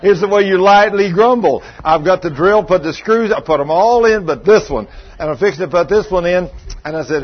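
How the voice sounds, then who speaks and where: Male pastor, husky folksy storyteller, slightly raised pitch, dull lo-fi church recording. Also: expressive, fairly quick.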